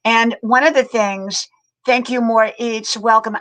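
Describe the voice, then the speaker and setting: Chatty grandma hosting a livestream. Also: female voice, fairly high pitch, fairly even intonation, measured pace, a bit bright, low-quality recording. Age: older. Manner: chatty, greets viewers by name, repeats words. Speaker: livestream host. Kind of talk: casual live-stream chat.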